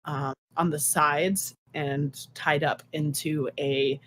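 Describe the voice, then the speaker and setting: A woman's voice: low-pitched, fairly even intonation, slow pace, fairly bright tone, slight background noise. A young woman narrating as game master of a tabletop game, hesitant and full of fillers. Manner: hesitant, lots of ums and restarts.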